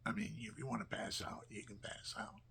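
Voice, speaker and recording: Gravelly man telling stories, low and lively. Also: a little fast, a little hiss or hum. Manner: animated, often drops to a near whisper. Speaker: storyteller. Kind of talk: casual personal storytelling.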